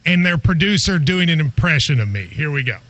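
A man hosting a casual sports radio show, animated and quick to laugh. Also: on the high side, dry recording, dull audio.

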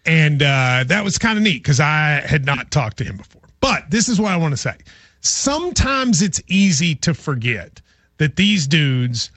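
Animated chatty middle-aged man, husky. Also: fairly high pitch, moderate pace, no echo. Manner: animated storyteller, lively and chatty. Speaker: radio show host. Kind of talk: casual sports talk.

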